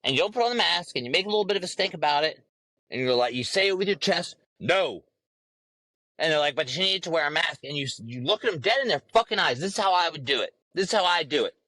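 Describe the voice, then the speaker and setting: A man's voice: fairly high pitch, lively intonation, very fast, sharp tone, dry recording. Fired-up swearing man ranting. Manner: heated, swearing, lecturing. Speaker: podcast host. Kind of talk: profane ranting monologue.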